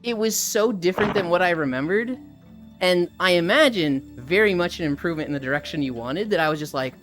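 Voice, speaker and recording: A woman's voice: fairly low pitch, a little fast, over music. A woman hosting a live stream, chatting casually with a guest, swearing freely and greeting chat viewers as she goes. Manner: animated, swears freely, reads chat aloud. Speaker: streamer host.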